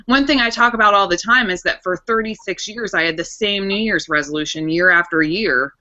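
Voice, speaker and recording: A woman's voice: mid-range voice, brisk, pushed and bright. A woman in her thirties, a guest on a casual chat show, telling her story in a candid, reflective way. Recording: dull lo-fi recording.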